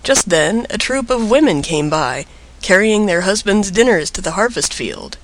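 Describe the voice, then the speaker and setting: A man narrating a storybook tale in an expressive, lilting way. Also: high voice, normal speed, rough recording.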